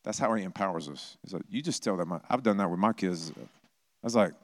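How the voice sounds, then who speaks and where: A man's voice: low-pitched, fast talker, no echo. A middle-aged man preaching a sermon in a conversational way, acting out quoted voices with touches of humor. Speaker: pastor.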